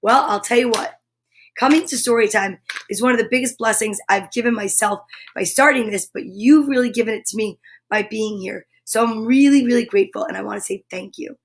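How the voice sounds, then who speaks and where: A woman's voice: fairly high pitch, brisk. A woman hosting a casual live show, chatting playfully with viewers and reading a tongue-twisting sentence aloud. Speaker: show host. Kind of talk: upbeat live-stream chat.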